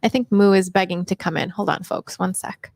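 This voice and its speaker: A woman's voice: mid-range voice, a little fast, creaky, darkish tone, dry recording. A middle-aged woman hosting a casual live Q&A stream on her own mic, chatty and upbeat, greeting viewers by name. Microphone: personal microphone.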